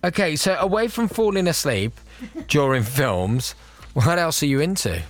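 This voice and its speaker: A man's voice: fairly high pitch, sing-song, normal speed. A man hosting a radio phone-in, chatty, teasing and upbeat. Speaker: radio show host. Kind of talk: lively radio phone-in chat. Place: radio studio.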